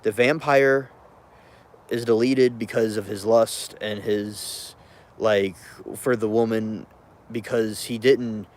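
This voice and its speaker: A man's voice: fairly low pitch, fairly even intonation, takes it slowly. A man ranting casually about a film he watched, rambling and interrupting himself with chuckling asides. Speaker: vlogger reviewing a film.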